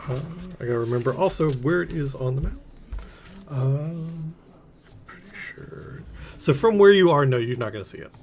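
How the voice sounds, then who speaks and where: A man acting as game master, describing scenes haltingly with frequent pauses while he recalls details. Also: on the high side, lively intonation, a little mellow. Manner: hesitant, many ums and restarts while recalling details. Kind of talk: running a tabletop game.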